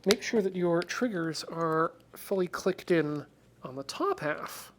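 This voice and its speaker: A man's voice: a little high, expressive, slow pace, a little hiss or hum. A man hosting a stream, chatting casually and jokingly as he works through a hardware repair. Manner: rambling, joking, drops to mutters while concentrating. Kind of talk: casual chat while working.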